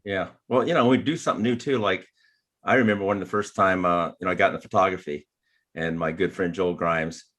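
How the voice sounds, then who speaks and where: Man, lowish voice, chatty anecdotes, casual group chat, laughing as he talks. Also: fairly even intonation, fairly quick, fairly bright tone. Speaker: photographer and martial artist.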